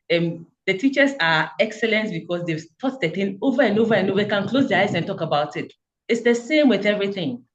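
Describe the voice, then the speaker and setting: Over a video call, a woman with a fairly low voice gives a fervent, encouraging testimonial about her community. The recording is muffled, and her speech is earnest and motivational.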